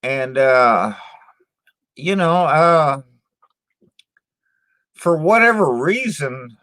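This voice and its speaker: A man's voice: a little high, lively intonation, drawn-out words, pushed and bright, dry recording, clean studio sound. A man hosting his own channel and chatting casually with viewers, blunt and profane, stumbling over repeated words and ending lines with "man.". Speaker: channel host reading live chat. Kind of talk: casual live-stream chat.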